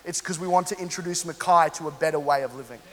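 High-voiced pastor in a reverberant church hall. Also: male voice, fast. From London, England. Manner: animated, humorous, addresses the congregation directly. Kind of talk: storytelling sermon.

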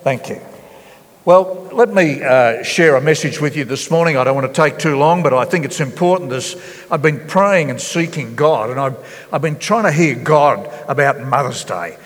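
Earnest pastor in a reverberant church. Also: male voice, a little high. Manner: earnest, halting with frequent fillers and restarts. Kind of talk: sermon. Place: church hall.

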